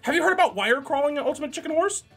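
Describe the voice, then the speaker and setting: A man's voice: very high-pitched, lively intonation, rapid-fire, a bit bright, soft background music. A young man streaming, chatting casually, joking and reading chat aloud while editing art.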